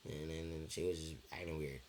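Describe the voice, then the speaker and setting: A man's voice: extremely low pitch, level tone, a little fast, a little mellow. A young man telling a personal story in a loose, rambling way, repeating himself, with lots of fillers and swearing. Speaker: vlogger. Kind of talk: casual storytelling chat.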